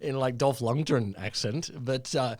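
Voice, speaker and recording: A man's voice: mid-range voice, unhurried, darkish tone, no echo, clean studio sound. An Australian man co-hosting a casual science podcast, jumping in playfully with stammering restarts. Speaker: podcast co-host.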